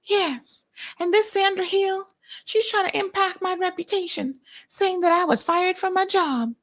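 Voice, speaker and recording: A woman's voice: very high-pitched, measured pace, fairly bright tone, pitched above the performer's own voice. A woman voicing a boastful older American man who acts like a smug con artist. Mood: smug boasting. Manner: boastful, mocking.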